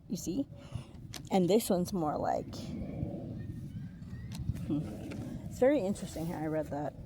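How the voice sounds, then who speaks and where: A woman's voice: mid-range voice, expressive, moderate pace, long pauses, noisy background. A woman giving a casual tarot reading, chatty and laughing often, swearing freely between many fillers. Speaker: intuitive tarot reader.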